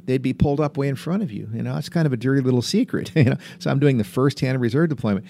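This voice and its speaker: An older man with a gravelly, rough-edged voice spins long, rambling stories from decades of skydiving. He talks like a seasoned raconteur, easy and chuckling. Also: medium pitch, rapid-fire, dark tone, slight background noise. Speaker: veteran skydiver and guest. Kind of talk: casual anecdotal storytelling.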